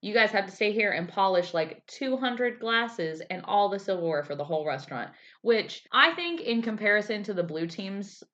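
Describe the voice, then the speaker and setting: A woman's voice: mid-range voice, lively intonation, moderate pace, hardly any pauses, a bit bright. A woman co-hosting a podcast, recapping in casual chat and acting out quotes in goofy voices. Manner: chatty, acts out quotes in silly voices. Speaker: podcast co-host. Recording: dull lo-fi home podcast audio.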